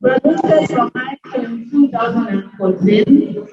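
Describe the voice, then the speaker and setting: A woman's voice: fairly high pitch, unhurried, very noisy. A young woman, a student giving a friendly, informal talk in an online session. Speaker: guest speaker, computer science student. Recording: echoey distant lo-fi call audio.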